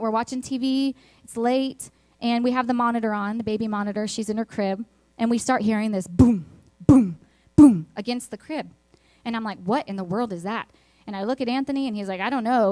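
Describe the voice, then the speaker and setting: A woman's voice: fairly high pitch, darkish tone, dry recording. A woman giving a sermon to an online congregation, telling personal stories earnestly and repeating words for emphasis, with a Texas accent. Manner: earnest storytelling with emphatic repetition. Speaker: church speaker.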